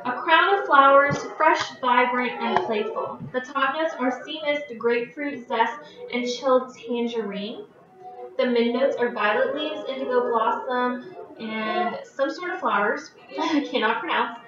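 A woman with a high voice chats casually in her kitchen at home, reading scented wax product descriptions aloud for her vlog and tripping over some words. She sits far from the mic amid background noise, and the echoey room sounds dull and lo-fi, with music playing behind her.

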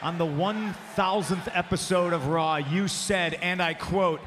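A man, a pro wrestling champion, cutting a mocking arena promo and often shouting into a handheld microphone. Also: sits high, unhurried, few pauses. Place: large arena. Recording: long arena reverb with faint background noise.

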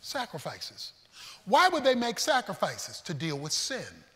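A man preaching a sermon, storytelling with folksy humor and swinging between shouts and hushed asides. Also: high voice, measured pace, long reverb tail. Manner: animated preaching, shouting and then dropping to a hush. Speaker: pastor.

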